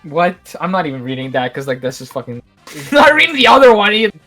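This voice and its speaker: A co-host on a casual commentary show, bantering loudly with laughter and swearing while egging the other host on. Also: medium pitch, sing-song, fast talker, soft background music.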